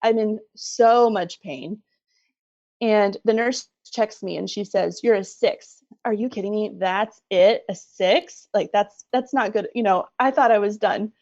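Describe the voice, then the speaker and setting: A middle-aged woman telling her story as a podcast guest, animated and laughing often. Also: mid-range voice, unhurried, no echo, dull audio. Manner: animated retelling, laughs often, acts out quoted voices. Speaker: guest, bereaved mother. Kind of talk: conversational storytelling.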